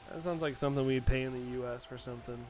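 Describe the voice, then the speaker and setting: A sniffly man from the United States, live streaming from his home setup. He keeps up a loose, chatty running talk, reading out viewer messages and answering them one by one at a mid-range pitch. Soft music plays quietly behind him. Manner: chatty, reads viewer chat aloud and answers it. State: sniffly from allergies. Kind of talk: casual live-stream chat.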